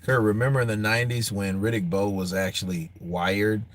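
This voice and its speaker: A man's voice: fairly low pitch, fairly even intonation, moderate pace. A man hosting a boxing show, chatting casually and telling loose, profane stories with frequent laughs. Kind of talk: casual live-stream chat.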